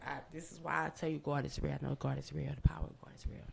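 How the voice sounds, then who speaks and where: A woman, guest on a podcast, telling a long story in an excitable, animated way. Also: very fast, gravelly, slight background noise. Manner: animated, excitable storytelling with big pitch jumps and profanity. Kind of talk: storytelling in casual chat.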